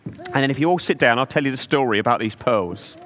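Animated man telling children a story. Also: medium pitch, crowd noise. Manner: gentle and coaxing, drawn-out emphasis. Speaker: children's talk leader at church.

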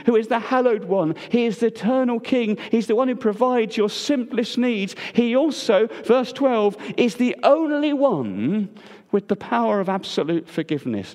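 A man preaching a sermon, moving between emphatic lines and hushed, quiet passages. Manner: swings between loud emphatic and hushed low delivery. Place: church. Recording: long church reverb.

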